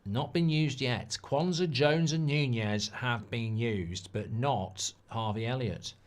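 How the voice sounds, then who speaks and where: A man hosting a live football watchalong, chatty and excitable, swearing often. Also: mid-range voice, takes it slowly. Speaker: host.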